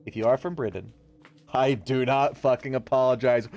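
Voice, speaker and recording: A man's voice: mid-range voice, lively intonation, moderate pace, creaky, darkish tone. A man streaming a game live, reading its text aloud and joking crudely as he plays. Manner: swears freely, jokey, mocking mock-British bits.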